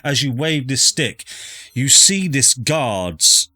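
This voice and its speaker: Man, dungeon master, bright tone, dry close mic, halting narration full of ums. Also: medium pitch, expressive, no echo. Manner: hesitant, filler-heavy narration. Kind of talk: narrating a tabletop game.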